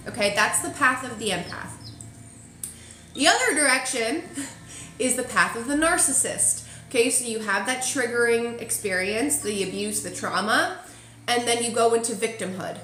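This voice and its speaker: A woman's voice: fairly high pitch, lively intonation, normal speed, sharp tone, soft background music. Chatty woman in an echoey room. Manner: emotional, chatty, asks "okay?" often. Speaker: intuitive reader. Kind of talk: casual spiritual forecast talk. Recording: echoey room with faint ambience.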